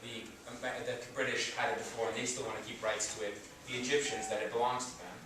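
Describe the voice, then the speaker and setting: A man's voice: medium pitch, level tone, fast. A man, a soldier, speaking to a school class in a casual, rambling way with frequent restarts. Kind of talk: informal classroom talk. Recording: echoey room, distant mic, noisy.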